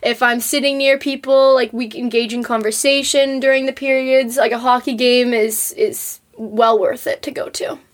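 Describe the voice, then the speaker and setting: Bubbly canadian woman co-hosting a podcast, high voice, giggly and upbeat. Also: steady tone, normal speed, hardly any pauses. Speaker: stand-in co-host. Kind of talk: casual chat.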